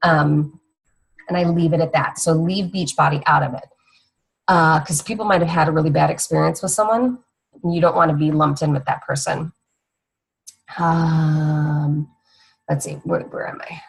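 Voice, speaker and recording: A woman's voice: low voice, steady tone, moderate pace, creaky, pauses often, husky, rough recording. A young woman fitness coach giving a casual, rambling training talk to other coaches, teasing her co-host.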